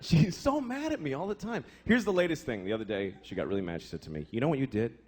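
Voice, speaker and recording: This fast-talking man has a fairly high, darkish voice with big swings in pitch. He performs stand-up comedy at a live show, telling stories in an exasperated, profane way as the crowd laughs.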